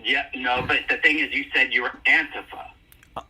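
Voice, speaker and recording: A man's voice: mid-range voice, fairly even intonation, normal speed, bright, forceful tone, breathy edge, far from the mic, rough recording. A man calling into a live stream, arguing insistently and repeating his points. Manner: insistent, argumentative. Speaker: caller. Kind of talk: heated live debate.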